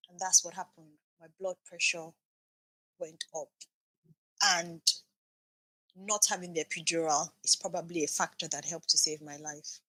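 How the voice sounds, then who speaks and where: Woman, 30s, podcast guest; bright, forceful voice, dry close sound, lively storyteller who voices every exchange. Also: lowish voice, moderate pace, no echo. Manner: animated, acts out quoted dialogue. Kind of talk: emotional storytelling.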